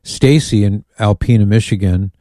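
Male call-in radio host: low, warm, dry studio sound, easygoing and amused. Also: moderate pace, no room sound. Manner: chatty, amused, reads listener emails aloud.

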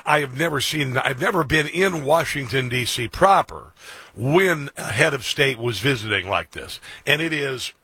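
A man's voice: mid-range voice, sharp tone, slightly rough, dry recording. A man hosting a political talk radio show, rambling combatively with lots of fillers and restarts.

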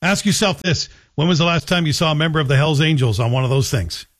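A man runs a radio talk show, his voice sitting a little high. He talks in a wry, mocking monologue, spinning jokes and anecdotes into his points. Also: fast, a bit bright. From Scotland. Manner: sardonic, joking, slips into a Scottish voice for anecdotes.

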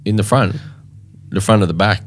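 A lower-pitched man co-hosting a radio show. He keeps the chat loose and casual, with plenty of teasing banter. His voice sits a bit low for a man. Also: moderate pace. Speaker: radio co-host.

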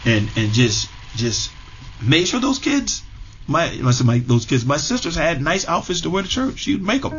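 A middle-aged man telling a personal story in a relaxed, conversational way, full of fillers and repeated words. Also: fairly high pitch, moderate pace, breathy edge. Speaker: interviewee. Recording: dull lo-fi radio audio with music behind.

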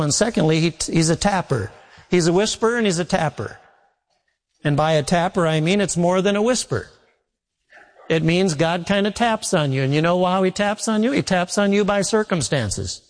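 Folksy preacher in a reverberant hall. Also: male voice, high-pitched, moderate pace. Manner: folksy storytelling, repeats phrases for emphasis. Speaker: pastor. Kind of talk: sermon. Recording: long reverb of a large hall.

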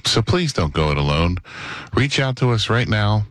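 Brief: male radio host, lowish voice, dry close sound, direct appeal to listeners. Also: big pitch swings, moderate pace, a bit bright, no echo. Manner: direct, urging listeners to call. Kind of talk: on-air announcement.

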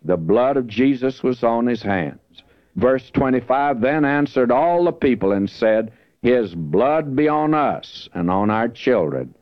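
A man's voice: mid-range voice, expressive, a little slow, no room sound. A man preaching a verse-by-verse Bible teaching sermon, earnest and emphatic, lifting his voice when he reads scripture. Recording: dull lo-fi dry recording.

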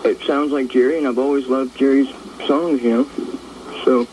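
A man chatting casually as a call-in guest on the radio, relaxed and brief with his answers, laughing easily. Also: mid-range voice, moderate pace. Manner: laid-back, few words, laughs easily. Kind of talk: casual phone chat. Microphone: telephone. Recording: noisy phone line.

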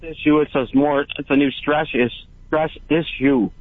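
A man calling in to a radio show who speaks hesitantly, with halting phrases and many fillers. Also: fairly high pitch, steady tone, no echo. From Hawaii. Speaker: caller. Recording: tinny phone line.

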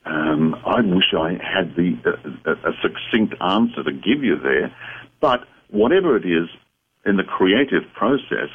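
A man guest on a call-in radio show, explaining spiritual ideas in a measured, reflective way. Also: sits low, breathy edge. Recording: phone-like radio line.

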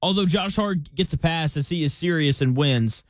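A man hosting a sports talk show breaks down a football roster in a loose, chatty way, throwing in joking comparisons. His voice sits a little high for a man. The sound is dry and close to the mic, with no room around it. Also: normal speed, no room sound. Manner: chatty, jokey analogies, reads listener questions. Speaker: sports podcast host.

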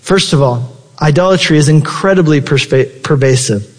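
A man's voice: normal speed, big-room sound. A man preaching a sermon with passion, his voice leaping up for emphasis. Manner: impassioned preaching with sudden high-pitched emphasis. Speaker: pastor.

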